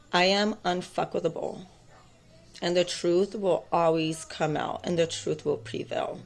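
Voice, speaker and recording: A woman's voice: fairly low pitch, fairly even intonation, slow, pauses often. A woman, mother of two, telling a personal story to camera in a rambling, intense way, with many fillers and a defiant tone. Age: adult, mother of two boys. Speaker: tarot vlogger.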